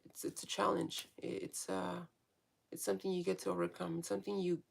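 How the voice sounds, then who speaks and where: Woman vlogging, super gravelly fry-heavy voice, rambles and swears a lot. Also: lowish voice, little pitch movement, fairly quick. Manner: frank, swears freely, many fillers and restarts. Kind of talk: casual rambling monologue.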